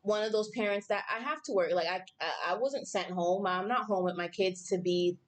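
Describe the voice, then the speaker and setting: A woman's voice: medium pitch, brisk. A woman in her thirties, a podcast guest, talking frankly and venting in casual chat.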